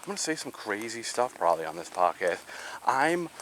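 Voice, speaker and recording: A man's voice: on the low side, sing-song, brisk, fairly bright tone, a little hiss or hum, rough recording. A man chatting casually as he walks outdoors, rambling and talking to himself. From New York. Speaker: walking vlogger. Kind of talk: casual walking vlog chat. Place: outdoors in rural nature. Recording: outdoor ambience clearly heard.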